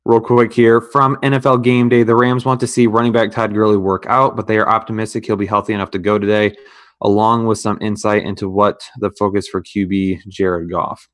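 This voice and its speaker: Man giving quick, decisive picks. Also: lowish voice, level tone. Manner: short decisive answers, reads news updates. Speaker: fantasy football show co-host. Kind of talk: casual live-stream chat.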